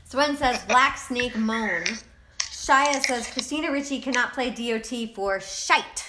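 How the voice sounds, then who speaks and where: A woman's voice: on the high side, unhurried, background noise. A young woman co-hosting a casual livestream, laughing often as she reads viewer comments aloud. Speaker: livestream co-host reading chat.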